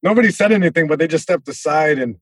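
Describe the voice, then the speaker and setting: A male comedian guest telling a story in an animated way, with many restarts and sound effects. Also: fairly high pitch, fast, husky, no room sound.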